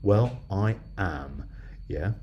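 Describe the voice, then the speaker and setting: A man's voice: deep voice, animated, very slow, lo-fi sound, a little hiss or hum. An older man from southwest England, chatting in a casual video diary, rambling and checking in with the listener. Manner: chatty, rambling, frequent "yeah?" tags. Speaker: video diarist.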